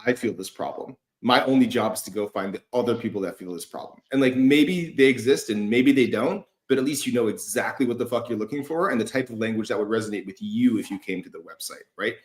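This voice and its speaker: A man's voice: mid-range voice, fast, few pauses. A man hosting a casual feedback conversation, talking loosely with plenty of fillers and swearing. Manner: loose, profane, lots of fillers. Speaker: host giving feedback.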